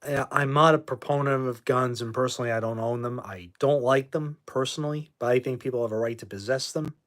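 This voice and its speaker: A man's voice: mid-range voice, fairly quick, a bit bright. A man from New England hosting a casual livestream, answering viewer comments and bluntly kicking out trolls as he rambles. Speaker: livestream host.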